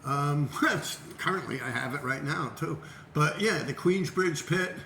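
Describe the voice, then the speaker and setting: A middle-aged man telling a profane, animated story about his graffiti past and acting out the voices of people he quotes. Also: fairly high pitch, a little slow, vocal fry, echoey room, slight background noise. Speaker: graffiti writer and show host. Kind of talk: casual storytelling.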